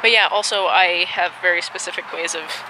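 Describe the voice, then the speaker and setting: A woman's voice: fairly low pitch, fairly even intonation, a little fast, background noise. A woman chatting casually in a vlog while walking her dogs outdoors at a dog park, a little out of breath, recording on a handheld camera. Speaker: vlogger.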